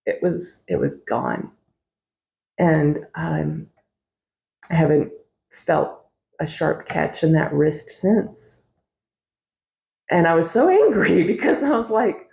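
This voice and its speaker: A woman's voice: deep voice, vocal fry, darkish tone. A middle-aged woman hosting a podcast, telling a personal story in a candid, wry way, swearing freely and laughing often. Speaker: podcast host.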